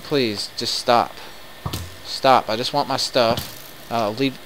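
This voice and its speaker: A man commenting live on his game, excitable and quick to swear in frustrated outbursts. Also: medium pitch, noisy background. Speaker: let's play gamer.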